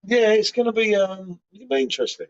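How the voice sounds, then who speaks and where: A man's voice: high-pitched, lively intonation, brisk. A man chatting casually on a beer livestream, sweary and laddish in his banter. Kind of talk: casual chat. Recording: muffled lo-fi livestream audio.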